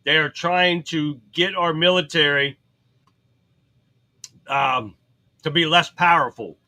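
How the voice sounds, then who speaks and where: Blunt, ranting man with a bright voice. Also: on the high side, takes it slowly, rough recording. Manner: reads headlines then comments, chats with viewers. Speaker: political livestream host. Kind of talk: casual commentary reading headlines.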